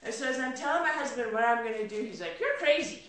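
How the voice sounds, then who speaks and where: A middle-aged woman gives a live motivational talk, her slightly high voice lively as she acts out the dialogue in her stories. She is heard from a distance, with heavy echo from the large room around her and the audience in it. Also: fast. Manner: energetic storyteller, acts out quoted dialogue. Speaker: motivational speaker. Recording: echoey room from far off.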